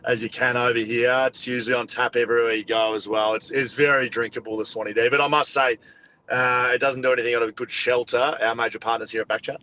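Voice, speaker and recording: A blunt Australian man from Victoria chatting casually as a podcast guest. He swears freely and speaks at an ordinary, middle pitch. The audio sounds a little dull and muffled. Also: level tone, quick pace, bright, forceful tone, slight background noise. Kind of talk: casual chat.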